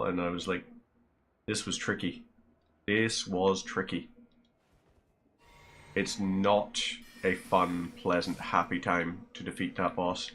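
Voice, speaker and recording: A man's voice: fairly low pitch, fairly bright tone, slight background noise. A man with a Northern Irish accent chatting casually to his viewers while streaming a game, rambling and friendly. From Northern Ireland.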